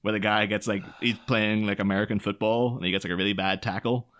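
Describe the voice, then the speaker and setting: A man with a lowish voice recaps old comics for his podcast co-hosts. He talks in a loose, animated way and keeps breaking into quick silly character voices. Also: clean tone. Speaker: podcast co-host. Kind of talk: casual comic chat retelling comics.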